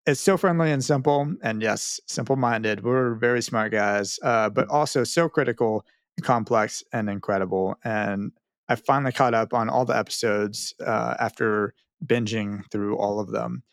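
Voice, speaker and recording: Male podcast host, middle pitch, dry close mic, wry and self-mocking. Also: normal speed, no echo. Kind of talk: casual podcast chat, reading listener mail.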